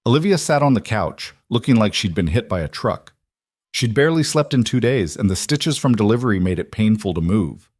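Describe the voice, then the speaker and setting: A man reads a story aloud in an even, unhurried way. His voice sits low, and the recording is close and dry with no room sound. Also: no room sound. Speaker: narrator. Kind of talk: scripted narration.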